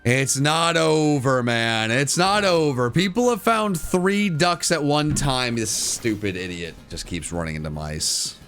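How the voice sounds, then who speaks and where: A man's voice: medium pitch, lively intonation, a little slow, hardly any pauses, fairly bright tone, faint music behind. A man streaming live to his chat, giving casual game commentary and repeating phrases as he goes. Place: home room.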